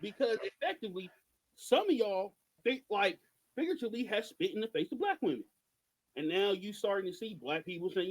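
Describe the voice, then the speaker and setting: Podcast co-host, male, high and lively voice, emphatic commentary. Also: brisk, low-quality recording. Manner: animated, emphatic, rhetorical questions. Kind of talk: passionate political commentary.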